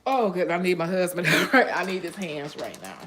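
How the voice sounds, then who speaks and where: A woman's voice: lowish voice, expressive, normal speed, a bit bright, a little hiss or hum. Emotional woman hosting a cooking live. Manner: emotional, breathy exclamations, speaks to viewers as y'all. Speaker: cooking channel host. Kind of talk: live-stream cooking chat. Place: home kitchen.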